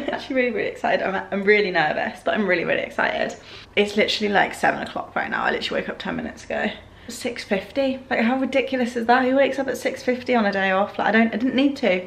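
A woman's voice: fairly high pitch, vocal fry, a bit bright. A young woman vlogging to camera at home, talking in a chatty, rambling way full of "like" fillers. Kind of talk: casual to-camera vlog. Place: at home indoors.

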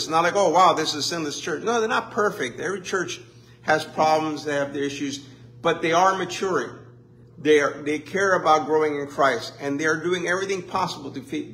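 A man preaching in a church with a fairly high voice. He keeps it conversational and adds lively asides and mock complaints. His pace shifts between slow emphasis and quick runs. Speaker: pastor. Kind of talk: sermon. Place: church sanctuary.

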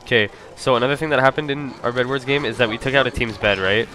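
A man's voice: medium pitch, quick pace, over music. A man casually commenting on his own speedrun, rambling with lots of "like" and "um". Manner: rambling, full of "like" and "um".

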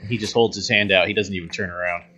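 Male game master, bright, punchy narration, dry humor, lo-fi sound. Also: low-pitched, fairly even intonation, quick pace, a little hiss or hum.

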